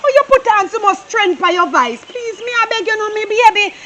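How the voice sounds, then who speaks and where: A woman with a Jamaican accent acting a frantic young woman torn between two men, pleading, tearful and at times shouting. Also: extremely high pitch, expressive, a little fast, a little hiss or hum. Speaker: actor in a Jamaican drama. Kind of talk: low-budget drama acting.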